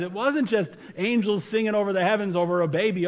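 A man's voice: high-pitched, fairly quick, in a large hall, poor audio. A man preaching a sermon as pastor, talking conversationally with rhetorical questions and frequent restarts. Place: church sanctuary.

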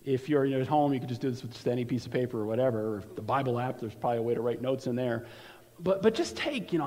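In a church sanctuary, a pastor delivers a sermon in a conversational way, often repeating a word as he begins a phrase. His voice is on the high side with a darkish tone, and a large hall's long reverb follows it.

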